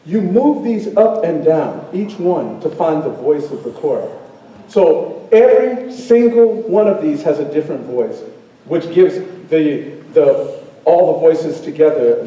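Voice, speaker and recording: Animated man storyteller in echoey hall. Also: on the high side, distant mic. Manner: animated, playful, draws in the audience. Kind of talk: live oral storytelling with call and response. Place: school auditorium with live audience.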